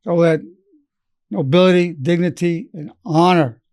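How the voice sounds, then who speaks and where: Slightly high and steady, with a darkish tone, the voice of this eighty-something psychologist moves a little slowly. He builds his lesson from anecdotes about patients, speaking their lines himself. The recording is dry.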